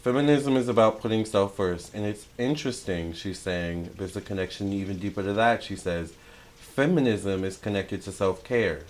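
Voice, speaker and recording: A young man giving a casual tarot channeling talk, chatty and excitable, with many fillers and self-corrections. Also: lowish voice, brisk, few pauses. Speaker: tarot reader.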